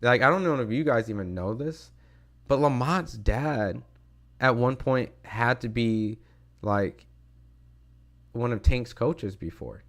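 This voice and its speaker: A man's voice: mid-range voice, slow pace, pauses often. A man hosting a boxing talk livestream, chatting loosely with many fillers and reading viewer comments aloud. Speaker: boxing show host reading live chat. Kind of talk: casual livestream chat.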